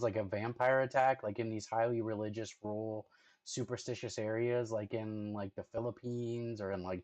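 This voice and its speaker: In a low-quality recording with no echo, a man with a mid-range, slightly mellow voice chats casually while reacting to videos on stream. His talk is loose and slangy, peppered with "like" and "dude," and he talks playfully to his dog.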